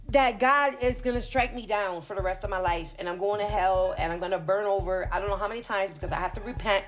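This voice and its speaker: A woman in her forties giving a heated, profane opinion rant as a vlogger, dropping in Spanish words. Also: mid-range voice. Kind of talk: ranting opinion monologue.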